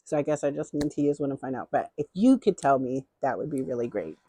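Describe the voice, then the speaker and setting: A woman's voice: very deep voice, expressive, fast talker, warm tone, slight background noise. A middle-aged woman chatting casually through a beauty haul, rambling and repeating herself with enthusiasm.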